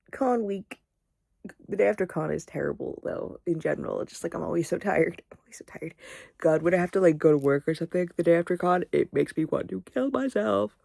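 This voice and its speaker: Sleepy, sniffly young woman with a gravelly low voice. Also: a little mellow, no echo, studio quality. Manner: rambling, swears casually. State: sleepy, yawning; sniffly, congested. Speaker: vlogger. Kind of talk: casual vlog chat.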